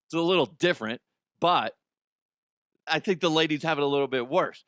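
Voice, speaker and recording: A man's voice: fairly high pitch, fairly quick, pauses often, fairly bright tone, dry recording, studio quality. A middle-aged man hosting a comedy news podcast, riffing crudely, laughing at his own jokes and slipping into silly voices. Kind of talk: casual comedic monologue.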